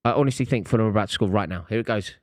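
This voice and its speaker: A man co-hosting a football watchalong, excitable and teasing, laughing hard at his friends. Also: fairly low pitch, racing, no echo, studio quality. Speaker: co-host. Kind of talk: casual football watchalong banter.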